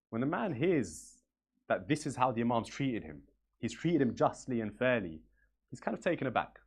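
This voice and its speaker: A man delivers a sermon with a husky, slightly breathy voice at an ordinary pitch. He speaks earnestly, retelling stories and repeating his phrases to drive each point home. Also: very animated, normal speed. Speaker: religious speaker. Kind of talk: sermon storytelling.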